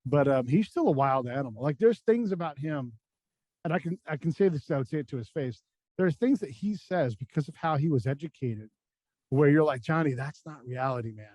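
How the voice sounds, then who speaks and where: A man's voice: a little high, lively intonation, brisk, darkish tone, dry recording. Profane storytelling man, dry close sound. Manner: blunt, profane, acts out quoted dialogue in his stories. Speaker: podcast guest, former army combat spy. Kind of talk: casual storytelling chat.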